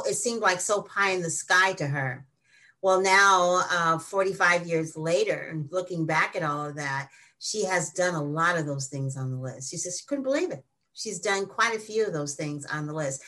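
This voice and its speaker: A woman hosting a conversational interview, her voice low-pitched yet bright and forward. She thinks aloud as she talks and shapes long, winding questions for her guest. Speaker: podcast host. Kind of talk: casual interview chat.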